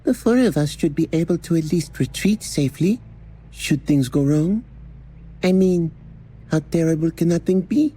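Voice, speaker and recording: A man's voice: fairly high pitch, lively intonation, normal speed, dark tone, slightly rough, voice pushed up. A man voicing a self-assured, sleepy young female warrior with a lazy drawl in an audiobook. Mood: breezy.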